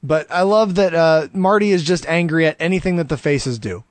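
A man co-hosting a podcast, chatting casually through a wrestling match recap, animated and laughing often as he acts out the wrestlers' shouts. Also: a little high, moderate pace, no echo. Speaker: podcast co-host.

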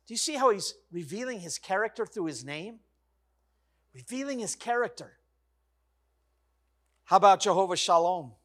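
A middle-aged man preaching a sermon as pastor, in an emphatic, repetitive cadence that swings from loud exclamations to hushed, soft passages. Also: high-pitched, animated, normal speed, pauses often.

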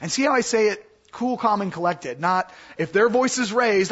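On a dull, lo-fi recording, a man with a high, husky voice gives a Bible lesson to a class. He speaks at a moderate clip with hardly any pauses, staying casual and lively and performing the voices of the people he quotes.

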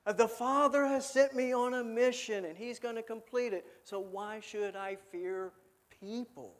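A man's voice: extremely high pitch, unhurried. A man doing a weary, sighing teacher. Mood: exasperated. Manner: exasperated sighing, gently scolding. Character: weary, patient male teacher sighing at his students.

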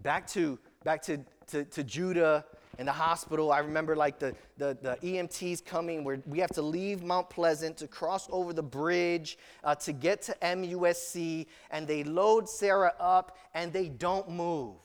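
A man's voice: fairly high pitch, fairly even intonation, moderate pace, in a large hall. A man preaching a sermon as pastor, telling stories earnestly with frequent restarts.

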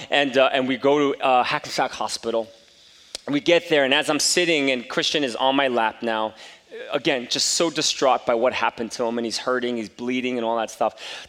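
A man's voice: medium pitch, a bit bright. Man preaching in a reverberant church. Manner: storytelling, rising to emphatic exhortation. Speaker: pastor. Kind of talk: sermon. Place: church sanctuary. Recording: long reverb of a church hall.

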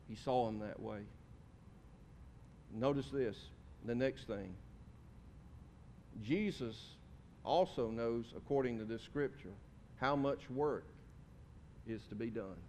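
In a church sanctuary, a pastor delivers a sermon in a folksy, conversational style, putting questions to his congregation. The reverberant hall carries a faint rumble.

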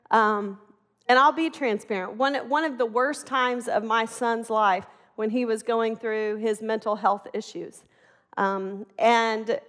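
A middle-aged woman preaching a sermon in an animated, conversational way, acting out the voices in her stories. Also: on the high side, in a large hall.

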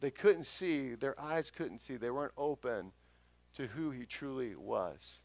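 A pastor giving a conversational sermon that swells loud for emphasis. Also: male voice, mid-range voice, animated, a little slow.

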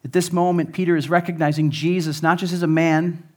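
Man, pastor delivering a church sermon; earnest, emphatic, somewhat high-pitched, relaxed fillers. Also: a little fast. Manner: earnest preaching with rising emphasis and frequent fillers. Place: church service, also streamed online.

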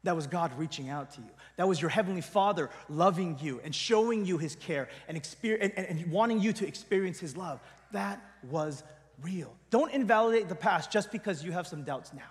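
A male pastor with a high-pitched voice preaches a sermon in a large hall, conversational yet emphatic. He often lets his voice drop quietly at the end of a thought.

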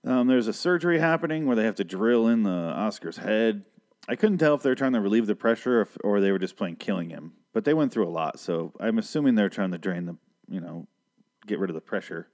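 A man's voice: on the low side, expressive, fairly quick, darkish tone. A man casually recapping a TV episode in a profane, sarcastic, rambling way.

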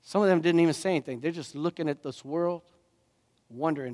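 A man pastor preaching a sermon, animated and rising to emphatic questions. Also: a little high, brisk, big-room sound.

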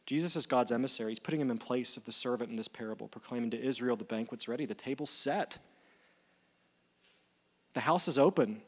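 Guy preaching, casual chatty sermon, mid-pitched voice, acts out the quotes. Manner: conversational, animated retellings of dialogue. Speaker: pastor.

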